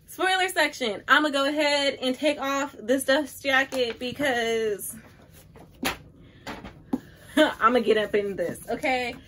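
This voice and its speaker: A woman's voice: sits high, takes it slowly, long pauses, noisy background. A woman in her twenties chatting casually and emphatically to her viewers as she reviews a book on camera. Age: 20s. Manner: emphatic, gushing, talks straight to viewers. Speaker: book vlogger.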